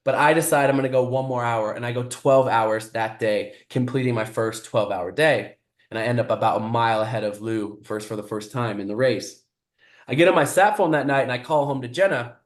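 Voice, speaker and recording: Animated male storyteller, roomy echo. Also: medium pitch, fairly quick. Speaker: guest speaker, explorer. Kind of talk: motivational storytelling.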